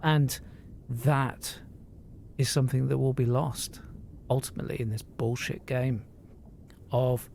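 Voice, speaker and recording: A man's voice: medium pitch, fairly even intonation, a little slow, creaky, pauses often, a little mellow, slight background noise. A man, talking to live-stream viewers in an earnest, emotional, rambling way, swearing freely and often restarting his sentences.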